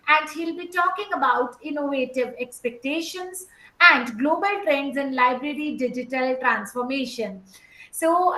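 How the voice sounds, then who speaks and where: A woman's voice: sits high, sharp tone, roomy sound, rough recording. A woman moderating a webinar over a video call, introducing speakers in an effusive manner with hesitant fillers.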